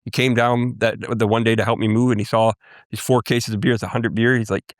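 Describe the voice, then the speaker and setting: Low-voiced man telling his story earnestly. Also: flat delivery, dry recording, studio quality. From Canada, First Nations Cree. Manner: earnest, halting storytelling with restarts. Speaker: guest. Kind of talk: personal testimony in interview.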